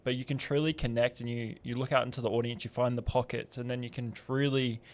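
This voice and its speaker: A man's voice: mid-range voice, little pitch movement, fast. Reflective male podcast host. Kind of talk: casual podcast chat.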